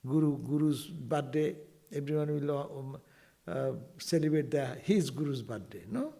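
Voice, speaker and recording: A man giving an informal spiritual talk to devotees, animated and full of rhetorical asides. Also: fairly high pitch, moderate pace, gravelly. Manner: animated, rhetorical asides, quotes Sanskrit verses.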